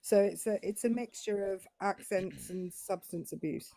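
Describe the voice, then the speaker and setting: A woman's voice: mid-range voice, moderate pace, gravelly, no room sound. A British woman with a British English accent, explaining in casual panel chat. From Britain. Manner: explanatory, lively, talks it through.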